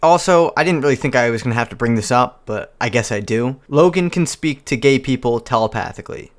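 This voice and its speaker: Sarcastic male commentary host, incredulous, average pitch. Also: animated, fairly quick. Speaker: commentary youtuber. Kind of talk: comedic video commentary.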